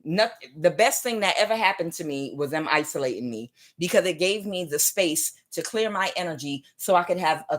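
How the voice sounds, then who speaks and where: A woman's voice: lowish voice, a bit bright. A woman giving a casual spiritual tarot reading, talking emphatically and repetitively straight to her audience, with chuckling asides. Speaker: tarot reader.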